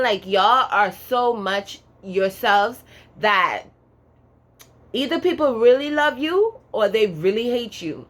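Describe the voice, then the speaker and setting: Woman tarot reader, mid-pitched and brash; swears freely and punctuates every point with "okay?". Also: a bit bright. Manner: sassy, profane, emphatic, keeps adding "okay?"; drawls some words slowly for emphasis. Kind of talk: casual pick-a-card tarot reading.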